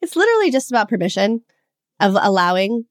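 A woman in her forties talks as a guest coach on a podcast, earnest and animated, laughing easily. Her voice sits in a middle range and is recorded dry and close, with no room around it. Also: medium pitch, quick pace, no echo. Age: 40s. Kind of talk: podcast interview conversation.

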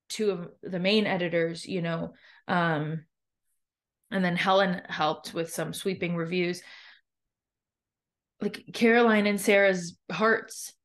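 A woman hosting a podcast, talking candidly and chattily about her own experience, with frequent fillers and restarts. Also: lowish voice. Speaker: podcast host and new author. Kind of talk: candid reflective monologue.

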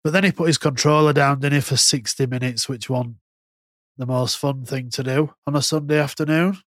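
A man's voice: medium pitch, steady tone, fairly quick, dry recording, studio quality. A man co-hosting a casual podcast chat, rambling and swearing freely. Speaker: podcast co-host.

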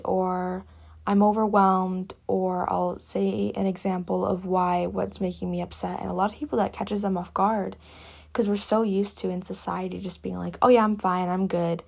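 A young woman hosting a reflective solo talk from her cabin, speaking softly and haltingly, often dropping to a whisper. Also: lowish voice, gravelly, breathy edge. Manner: soft-spoken, halting, often drops to a whisper. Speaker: podcast host.

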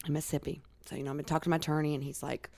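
Low-voiced woman telling a lively story. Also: very fast, creaky, no room sound. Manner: animated, laughing often, swearing. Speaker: podcast guest. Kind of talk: casual storytelling.

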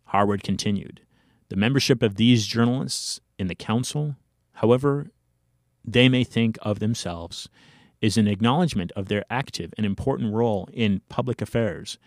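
A man's voice: on the low side, no echo, studio quality. An American man hosting his own commentary show, reading from an article with emphatic asides and stumbles. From United States. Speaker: political commentary show host.

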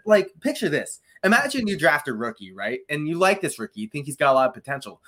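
A man co-hosting a podcast, chatting casually about football, asking the others questions and repeating words to get going. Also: on the high side. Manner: lively, asks the others, repeats himself to get started. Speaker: podcast co-host. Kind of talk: casual sports chat.

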